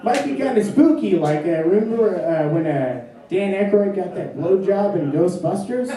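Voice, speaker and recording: A young man doing a stand-up comedy set in a club, with a halting, deadpan delivery full of fillers. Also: high-pitched, very noisy. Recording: distant mic in echoey club with crowd. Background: audience laughter.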